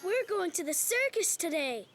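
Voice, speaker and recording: A woman's voice: very high voice, big pitch swings, normal speed, over loud music. A chatty little twin boy. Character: friendly little boy, one of twins. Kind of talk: cartoon voice acting.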